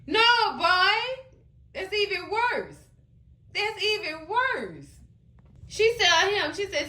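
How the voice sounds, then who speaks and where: A woman hosting a casual TV recap, animated and exclaiming as she retells the episode. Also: very high voice, slow pace, pauses often, roomy sound. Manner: animated, exclaiming and laughing between comments. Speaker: TV recap host.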